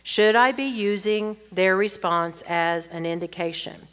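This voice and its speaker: A woman's voice: mid-range voice, a little slow, smooth. An older woman teaching, reading audience questions aloud and answering them candidly with chatty personal stories. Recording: long reverb from a hall.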